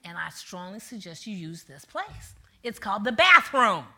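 A woman minister preaching a sermon, telling a story with animated delivery that swings from hushed asides to loud punchlines. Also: mid-range voice, normal speed, background noise.

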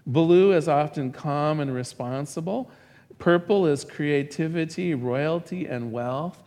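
A man preaching a sermon, telling stories in a lively, animated way. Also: a little high, takes it slowly. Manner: animated storytelling, acts out a joke with rising excitement. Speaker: pastor. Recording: long reverb of a large hall.

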